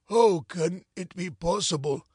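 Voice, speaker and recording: A man doing a hoarse, trembling old councillor. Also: high-pitched, normal speed, darkish tone, no room sound, clean studio sound. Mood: mournful. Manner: trembling, mournful.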